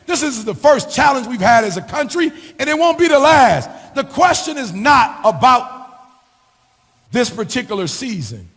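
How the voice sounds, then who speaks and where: A man's voice: very high-pitched, big pitch swings, moderate pace, a bit bright, slightly rough. A middle-aged man giving a motivational speech, preaching with a sing-song rhythm and piling up rhetorical questions. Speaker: motivational speaker. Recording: long hall reverb.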